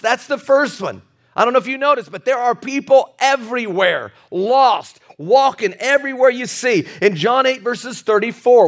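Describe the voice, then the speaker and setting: A middle-aged man preaching to his congregation in a high, bright register. He circles back on his phrases and pushes them up to emphatic peaks, with the odd chuckle at his own asides. His delivery is earnest and direct. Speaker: pastor. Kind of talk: sermon.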